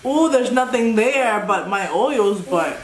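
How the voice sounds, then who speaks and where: A woman beauty vlogger chatting casually as she unboxes a gift, excitable and rambling with lots of filler words. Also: a little high, slow pace, a crowd in the background. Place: at home. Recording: echoey room with background noise.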